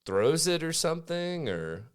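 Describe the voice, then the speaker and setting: A man's voice: on the high side, sing-song, unhurried, clean tone. A man co-hosting a podcast in casual chat, rambling and laughing often. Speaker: podcast co-host.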